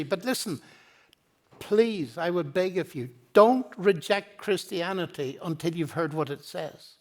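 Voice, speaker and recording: An older man giving a public lecture in a university hall, earnest and pleading, telling stories with quoted dialogue. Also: high voice. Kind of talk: public lecture on faith and science.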